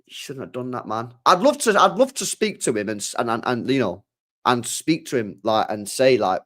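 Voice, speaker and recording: A young man, hosting a casual football stream, rambling in slangy, animated asides. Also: medium pitch, moderate pace. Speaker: football channel host. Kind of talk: casual livestream chat.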